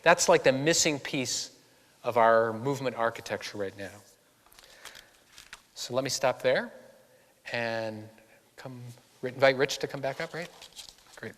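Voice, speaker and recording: With hall echo all around, a Boston-area author spins stories for an audience in a church hall, animatedly imitating the people he quotes. His mid-pitched delivery is a little slow with frequent pauses, and the reverb is long.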